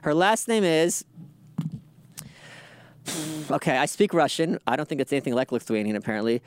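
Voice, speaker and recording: A man's voice: on the high side, big pitch swings, moderate pace, long pauses, clean tone, no echo, studio quality. A man hosting a casual news commentary show, reading headlines aloud and riffing on them in a sardonic, profane way. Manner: sardonic, profane, reads headlines then riffs. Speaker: political commentary host.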